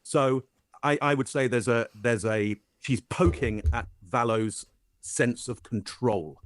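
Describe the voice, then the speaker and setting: A British man giving measured, analytical commentary on body language, hedging with frequent fillers. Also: medium pitch, dry recording.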